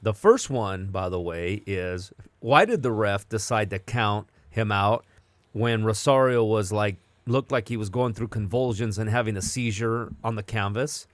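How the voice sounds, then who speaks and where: An excitable man hosting a casual podcast, animated and emphatic as he breaks off into tangents. His voice sits on the low side, and the close mic gives a dry, dead sound with no room around it. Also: measured pace, no echo. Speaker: boxing podcast host. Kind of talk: casual chat.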